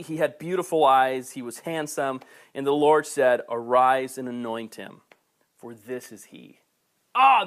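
A man preaching a sermon, passionate and building to near-shouting before softening, with playful asides to the camera. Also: a little high. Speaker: pastor. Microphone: camera recording.

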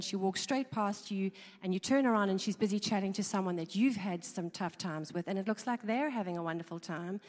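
Her voice sits at medium pitch with a darkish tone as she addresses a live audience conversationally, often saying um and repeating herself. The sound echoes with the long reverb of a big hall.

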